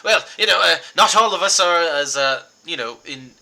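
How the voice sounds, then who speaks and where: A man's voice: medium pitch, lively intonation, a little slow, sharp tone. A man voicing a sweaty, blustering middle-aged hunter who brags and rambles. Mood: flustered. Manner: boastful, flustered and rambling.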